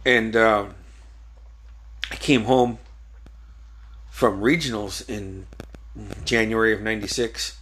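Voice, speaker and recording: A podcast host with a lowish, fairly even voice and a slightly bright tone casually recounts old stories, swearing and laughing often. He speaks slowly with frequent pauses, and there's a bit of background noise.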